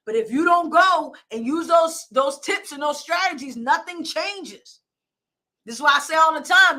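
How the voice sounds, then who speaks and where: Bright, high-voiced woman coaching hard. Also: animated, normal speed. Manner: emphatic, repetitive, blunt and demanding. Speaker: life coach and show host. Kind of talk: motivational pep talk. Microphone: phone or camera, streaming live.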